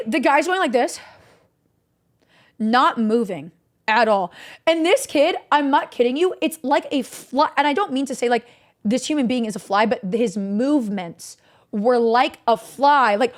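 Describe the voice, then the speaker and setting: A woman's voice: a little high, lively intonation, normal speed. Rambling young woman streamer, filler-heavy. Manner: candid and swears casually. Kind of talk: casual storytelling to a stream chat.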